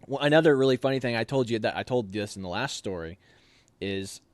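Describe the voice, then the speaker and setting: A young man telling army stories in a casual chat, animated and laughing as he acts out lines. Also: medium pitch, a little fast, no room sound.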